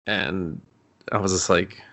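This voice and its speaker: A man's voice: low-pitched, fairly even intonation, slow pace, sharp tone. A man co-hosting a movie podcast, retelling scenes in casual chat with mocking voices, swearing and laughing. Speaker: podcast co-host.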